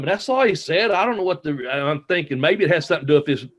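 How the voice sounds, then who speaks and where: A man's voice: on the high side, expressive, fast, a bit bright. A man, a former wrestler, telling rambling road stories in a casual interview, full of fillers and laughter. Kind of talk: casual storytelling. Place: home, smart speaker nearby.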